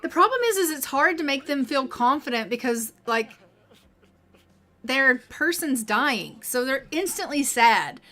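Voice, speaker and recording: Woman streaming a game, kinda high bright voice, chatty, talks to chat. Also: very animated, measured pace. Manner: chatty, reads out game text and voices the characters. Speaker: gaming streamer. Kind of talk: casual game commentary.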